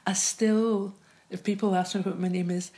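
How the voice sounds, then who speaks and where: A woman's voice: medium pitch, little pitch movement, moderate pace, dark tone. Scottish woman host, casual chatty delivery with restarts, roomy recording. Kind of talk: casual chat. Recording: roomy echo.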